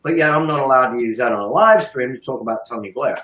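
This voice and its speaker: A man ranting profanely and emphatically about politics on a live stream, with sharp swings in pitch. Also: animated, quick pace, echoey room, rough recording. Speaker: economic analyst on a live stream.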